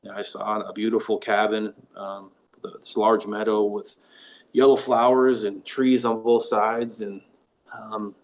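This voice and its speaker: A man, a paranormal investigator, telling a personal story as an interview guest, pausing often with ums and restarts. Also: lowish voice. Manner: halting, with frequent ums and restarts.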